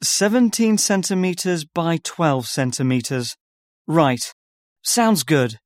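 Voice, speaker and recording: A man's voice: a little high, animated, slow, dry recording, studio quality. A man as an organizer in a scripted listening-test dialogue, repeating details back carefully. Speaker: workshop organizer.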